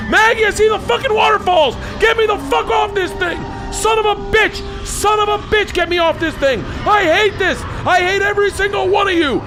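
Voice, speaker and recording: A man's voice: steady tone, moderate pace, few pauses, over music, crowd noise. A man putting on the voice of his panicking, nearly seventy-year-old father, cursing and shrieking through a ride. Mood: panicked cursing. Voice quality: shrill, shouting.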